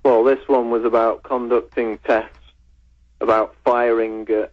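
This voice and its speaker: A male researcher and writer speaking on the radio, explaining in a calm, measured way. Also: medium pitch. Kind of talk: call-in radio discussion. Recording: muffled lo-fi phone line.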